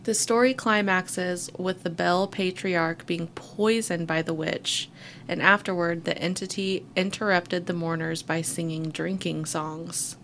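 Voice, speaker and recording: Woman co-host, low fry-heavy voice, steady storytelling read with dry asides. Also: a little slow, slight background noise. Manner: reads at an even pace with wry asides. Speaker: podcast co-host. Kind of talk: reading a story aloud between casual chat.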